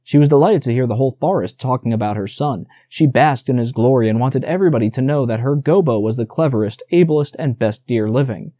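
A man reading a children's classic aloud as an audiobook narrator, with expressive storytelling. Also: mid-range voice, a little fast, few pauses, no room sound, studio quality.

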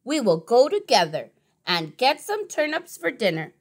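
A woman's voice: on the high side, huge pitch swings, full character voice. Woman voicing a sly big bad wolf. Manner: singsong, drawn-out huffing threats.

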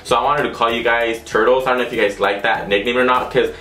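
A man's voice: mid-range voice, fairly even intonation, fast talker, bright, forceful tone. A young man vlogging casually, telling a rambling story full of fillers and restarts. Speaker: YouTube vlogger. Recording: echoey room.

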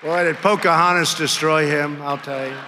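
A man's voice: a little high, fairly even intonation, normal speed. A man in his seventies giving a political rally speech, boastful and mocking, repeating his punchlines and tossing out nicknames from a podium microphone. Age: 70s. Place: large conference hall before a crowd. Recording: hall reverb with crowd and room noise.

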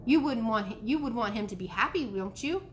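Woman doing an excitable little boy. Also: on the high side, fairly quick, a little hiss or hum, natural voice. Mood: eager.

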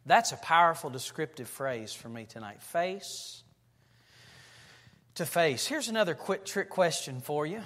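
A pastor preaching a sermon in a church, telling stories and building to loud, emphatic passages. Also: male voice, a little high, very animated, moderate pace, few pauses. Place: church sanctuary. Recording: long reverb of a church hall.

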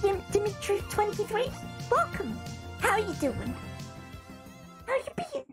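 A woman streamer chatting loudly and excitably with her viewers, swearing often, with music playing behind. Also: very high voice, measured pace. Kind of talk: casual livestream chat.

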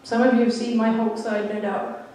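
A woman's voice: fairly high pitch, little pitch movement, moderate pace, mellow. Woman preaching in an echoey hall. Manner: candid, self-deprecating storytelling. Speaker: church speaker. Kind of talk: sermon with personal story. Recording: echoey hall, mic at a distance.

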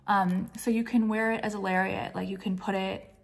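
A woman's voice: medium pitch, level tone, normal speed, vocal fry. A woman talks straight to her viewers at home in a loose, rambling way, stringing thoughts together with plenty of "like" and "um" and dropping casual swear words. She sounds out of breath and a little worn down from feeling sick, with a mid-range voice. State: out of breath and nauseous. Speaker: jewelry brand owner and vlogger. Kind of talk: casual vlog chat.

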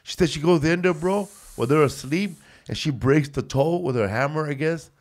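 Bro-saying comedian host, rambling. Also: male voice, a little high, normal speed. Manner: rambling anecdotes, says "bro" constantly. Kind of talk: casual comedic chat.

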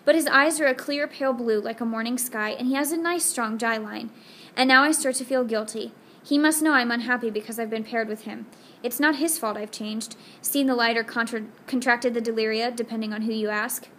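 A woman's voice: on the high side, steady tone, brisk, a bit bright, slight background noise. Woman narrating an audiobook, intimate. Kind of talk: scripted first-person narration.

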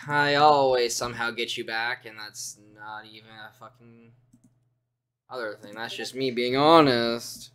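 A man's voice: mid-range voice, fairly even intonation, measured pace, fairly bright tone, smooth. A man streaming a video game, chatting casually and teasing a friend in a goofy, profane way. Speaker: gaming streamer. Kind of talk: casual gameplay commentary.

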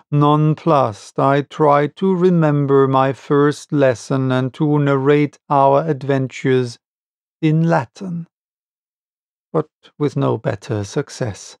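Slow, gravelly male audiobook narrator. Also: on the high side, no room sound. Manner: slow, deliberate reading. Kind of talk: unabridged audiobook reading.

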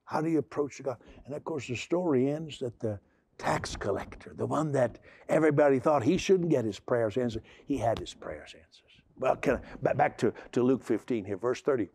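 A man's voice: medium pitch, moderate pace, darkish tone, slightly rough. A man preaching a sermon, stammering through repeated restarts and building to emphatic, raised passages. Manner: repetitive stammering restarts, rising to emphatic outbursts. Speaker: pastor.

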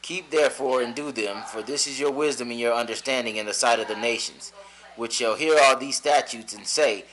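A man reading scripture aloud in a steady, measured way. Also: medium pitch, rough recording. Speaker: scripture reader.

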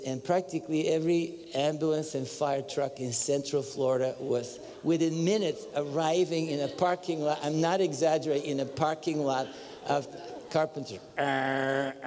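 A man preaching a story-filled sermon, animated and excitable, now and then breaking into high whoops and laughter. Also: a little slow, big-room sound. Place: church sanctuary.

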